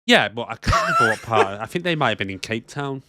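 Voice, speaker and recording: A British man co-hosting a casual podcast from a studio, jokey and animated. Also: medium pitch, fast. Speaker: podcast co-host. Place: home studio.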